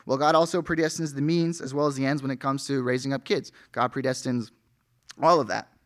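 A man's voice: mid-range voice, fairly even intonation, fairly quick. A male pastor preaching an earnest sermon, reading scripture aloud with rising emphasis.

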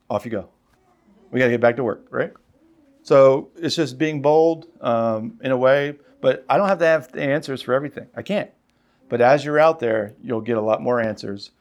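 A man preaching in a conversational, storytelling way, rising in pitch when he reads scripture. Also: moderate pace. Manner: conversational, tells stories, rises when reading scripture. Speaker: pastor. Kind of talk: sermon.

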